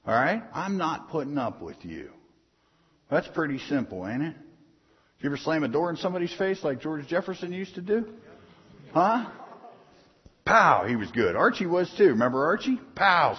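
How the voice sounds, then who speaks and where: A man delivers a casual, punchy sermon in a husky voice, swinging widely in pitch as he presses his points. He keeps checking in with the congregation in a plain-spoken, folksy way. The sound is dull and lo-fi, with a long reverb trailing through a hall. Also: animated, fairly quick. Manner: folksy, punchy, keeps asking the crowd "are you hearing me". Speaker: pastor.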